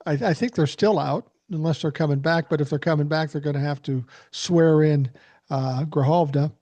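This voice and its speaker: An older man hosting a political podcast, talking in a measured, steady way. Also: on the high side, no room sound. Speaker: podcast host. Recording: dull dry lo-fi sound.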